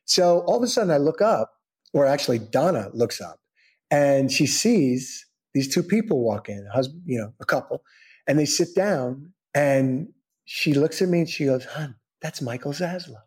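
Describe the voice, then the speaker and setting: A middle-aged man, a soap actor being interviewed, telling anecdotes casually and acting out the people in them with lively, raised voices. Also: moderate pace. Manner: animated storyteller, acts out quoted voices in high pitch. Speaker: soap opera actor guest.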